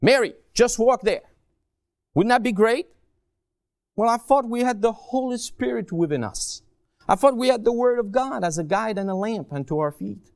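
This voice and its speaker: A man preaching a sermon as a guest speaker, animated and joking, swinging between quiet low asides and raised emphatic cries. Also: moderate pace, vocal fry, smooth, no echo, clean studio sound. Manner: joking, self-deprecating asides.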